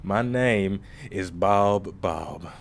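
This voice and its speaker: Man doing a Southern soldier, put-on Southern US accent, slow drawl, boastful, low-pitched. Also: gravelly, a little hiss or hum, exaggerated voice. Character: gruff Southern male rabbit-hunting soldier.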